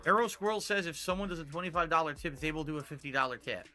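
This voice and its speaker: A man doing live gameplay commentary, excitable and yelping at scares. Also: a little high, fast. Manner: excitable, yelps and shouts at scares. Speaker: gaming streamer. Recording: game music playing loudly behind. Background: game music.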